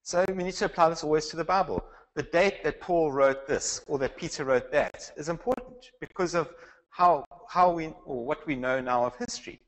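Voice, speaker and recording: A man's voice: a little high, moderate pace, low-quality recording. Man teaching a Bible class. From South Africa. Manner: conversational, asks the class questions, frequent restarts. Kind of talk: classroom lecture.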